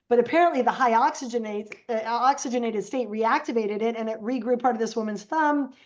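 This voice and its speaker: A podcast guest with a slightly high voice tells stories in a casual, animated way, slipping into the voices of the people she quotes. The recording is dull and lo-fi.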